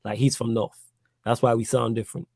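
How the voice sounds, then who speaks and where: Young manc guy, slangy stream chat, dry close mic, normal pitch. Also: little pitch movement, fairly quick, vocal fry, husky, dry recording. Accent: South East Manchester. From England. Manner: slangy, chatty shout-outs. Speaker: co-host. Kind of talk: casual live-stream chat.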